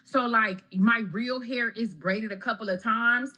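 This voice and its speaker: A woman's voice: a little high, measured pace, bright, forceful tone. A woman telling viewers about a bad braiding job, worked up and speaking straight to them. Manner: worked up, addresses viewers as y'all. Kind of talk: storytime vlog complaint.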